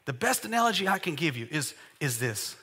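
High-voiced bright preaching man, echoing hall. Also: big pitch swings, fairly quick, breathy edge. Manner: call-and-response preaching, builds to loud exclamations. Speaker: pastor. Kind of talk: sermon. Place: church sanctuary. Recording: long church-hall reverb.

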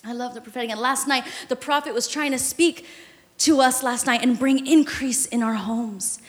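A woman pastor preaching a sermon in a church sanctuary, impassioned, swinging from hushed tones to shouting. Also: high voice, steady tone, moderate pace. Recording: reverberant church hall.

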